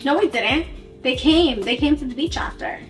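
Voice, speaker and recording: A woman tells a casual story in a chatty way, cutting in and acting out what each person said. Her voice sits fairly high. It comes from a bit away from the mic in a roomy, echoing space. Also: animated, moderate pace, faint music behind. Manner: chatty, quotes dialogue, cuts in. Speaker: vlogger telling couple story. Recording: roomy sound from a distance.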